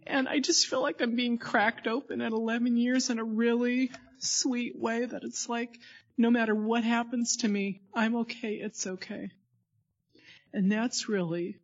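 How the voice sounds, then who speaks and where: Woman, recovery meeting share, candid, halting, dull lo-fi recording. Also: on the high side. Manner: candid, self-mocking, halting. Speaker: AA meeting speaker. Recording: dull lo-fi tape.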